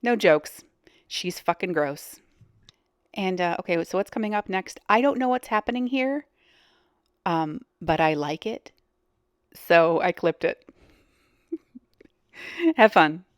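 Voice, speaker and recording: A woman's voice: on the low side, lively intonation, takes it slowly, long pauses, clear, resonant tone, no room sound, clean studio sound. A woman hosting a reaction video, giving blunt casual commentary with frequent hesitations. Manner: blunt, hesitant with many ums.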